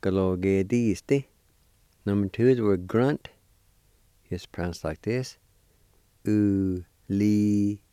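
A man leads a weekly language lesson at an unhurried, very slow pace, spelling and pronouncing each word piece by piece. His voice sits low and mellow. The sound is dry and close, with no room around it. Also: dry recording. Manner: deliberate, spells and sounds out words syllable by syllable. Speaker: language teacher.

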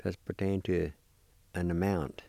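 A man's voice: low voice, steady tone, normal speed, vocal fry, mellow, no echo, clean studio sound. A man teaching a language lesson, patiently spelling and pronouncing words syllable by syllable and encouraging the listener. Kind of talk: slow recorded language lesson.

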